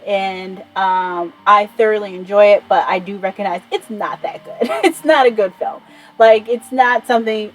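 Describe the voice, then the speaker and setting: Rambling, excitable woman vlogger. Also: medium pitch, low-quality recording. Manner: rambling, enthusiastic, swears freely. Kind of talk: casual chat.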